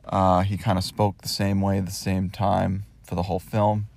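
A man's voice: low-pitched, little pitch movement, moderate pace, gravelly, darkish tone, no room sound. A man hosting a casual solo podcast, talking in a wry, rambling way with many fillers while recording on his phone in his parked car. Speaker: podcast host.

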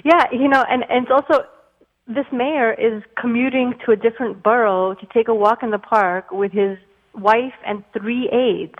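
A woman's voice: a little high, fairly even intonation, moderate pace. A woman who writes, a guest on a radio show, making pointed and exasperated points. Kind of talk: phone interview. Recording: tinny phone line with reverb.

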